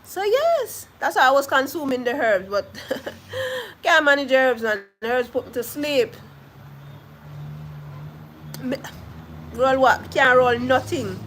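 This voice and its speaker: A woman's voice: sits high, animated, slow pace, pauses often, a bit bright, slight background noise. A young Jamaican woman with a Jamaican accent chatting casually on a live stream, laughing often as she answers viewers' comments. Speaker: vlogger reading live comments.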